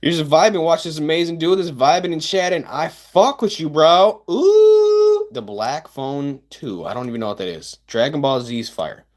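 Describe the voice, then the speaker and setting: A man's voice: fairly high pitch, expressive, normal speed, few pauses. A man, chatting casually with livestream viewers, rambling with stammers and sarcastic asides.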